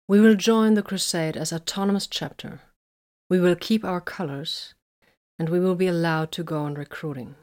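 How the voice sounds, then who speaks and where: A woman voicing a shrewd, composed female inquisitor in an audiobook, calm and solemn. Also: on the low side, normal speed, natural voice.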